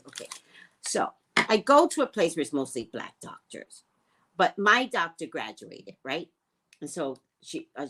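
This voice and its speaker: A woman who works as a psychic, telling a story in a casual, profane way and swinging between loud and hushed. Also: sits low, slightly rough.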